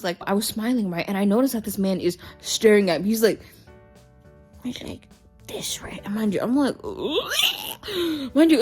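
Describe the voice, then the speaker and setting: A young woman vlogging in her twenties tells a story with a very lively, swooping voice, full of "like" and "right?". Her pitch sits in a middle register. Soft music hums in the background. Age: 20s. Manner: animated, chatty, heavy use of "like" and "right?". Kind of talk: casual storytelling vlog.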